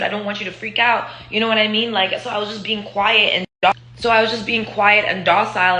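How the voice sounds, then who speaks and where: Recorded in a room with noticeable echo, this Israeli woman in her twenties has a highish, sharp-toned voice. She's a vlogger casually recounting personal stories, swearing, wandering off track, and leaning heavily on fillers.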